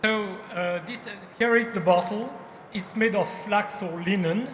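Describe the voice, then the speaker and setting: Hesitant French-accented man pitching onstage. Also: fairly bright tone. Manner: halting, apologetic, hesitant delivery. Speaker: startup CEO pitching. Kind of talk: business pitch presentation. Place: large exhibition hall stage. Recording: echoey hall with background noise.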